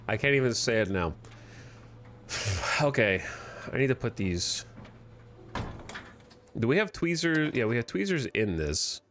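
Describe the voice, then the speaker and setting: A man from the United States giving casual, animated commentary as he streams a game and argues with his chat. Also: mid-range voice, unhurried, pauses often, a little hiss or hum. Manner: animated, argumentative, thinks aloud.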